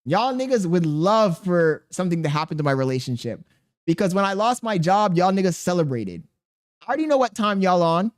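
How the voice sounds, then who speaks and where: A man's voice: sits high, big pitch swings, a little fast. Exasperated, muttering male streamer. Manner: rambling, exasperated, profane, mutters to himself. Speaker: livestreamer. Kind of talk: casual livestream chat, reading chat messages aloud.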